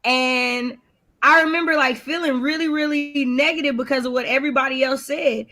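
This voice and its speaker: High bright-voiced woman, blunt and animated, casual video call chat. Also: moderate pace. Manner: animated, blunt, laughing storyteller. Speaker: writing stream co-host.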